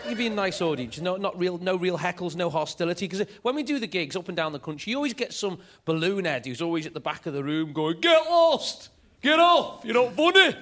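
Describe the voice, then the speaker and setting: Animated stand-up comedian. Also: male voice, sits high, quick pace, few pauses, background noise. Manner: energetic, animated storytelling.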